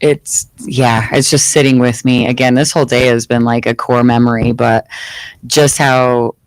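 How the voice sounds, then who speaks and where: A host talks in an effusive, heartfelt way, reaching often for spiritual words. The voice sits at a middle pitch. The studio sound is dry and close. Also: flat delivery, normal speed, no echo, low-quality recording. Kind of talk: casual chat. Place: studio live session.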